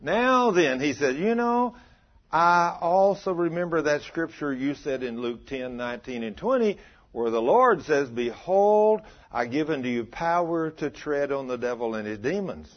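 Speaking a little slowly in a voice on the high side, this preacher animatedly tells a story during his sermon. He acts out dialogue and cites scripture, and the audio has a dull, lo-fi quality.

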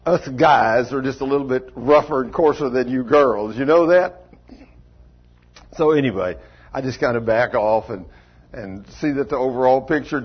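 A man's voice: mid-range voice, slightly rough. A man preaching a folksy sermon, chuckling often and calling on congregation members by name. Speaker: pastor. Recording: dull lo-fi church recording.

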